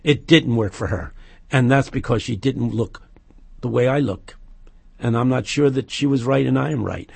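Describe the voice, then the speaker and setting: A man talking as a radio guest, telling stories in an animated, joking way and dropping to a hush for serious points. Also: mid-range voice, moderate pace, vocal fry, slightly rough. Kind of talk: casual chat and storytelling.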